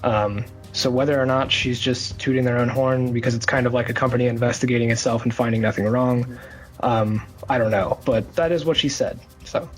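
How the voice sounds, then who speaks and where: Brief: male podcast guest, chatty, mid pitch, light music under. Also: steady tone, brisk, poor audio. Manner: anecdotal, with fillers. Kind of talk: casual chat.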